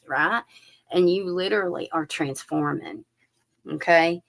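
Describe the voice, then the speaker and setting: A woman's voice: lowish voice, a little slow. A woman giving a chatty live-stream tarot reading, talking straight to her viewers. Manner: chatty, animated, addresses viewers directly with fillers. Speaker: tarot reader.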